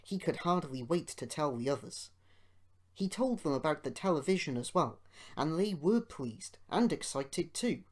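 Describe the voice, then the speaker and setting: A man reading a children's storybook aloud as an amateur audiobook narrator, in a measured, expressive way. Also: a little high.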